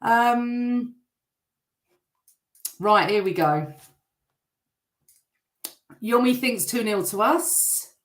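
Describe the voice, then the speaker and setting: A middle-aged woman hosting a live football fan show, chatting and reading out viewer comments, her voice a bit rough. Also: fairly high pitch, animated, extremely slow, long pauses. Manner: chatty, warm toward viewers, teasing. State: voice still rough from shouting. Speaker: host. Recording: echoey room.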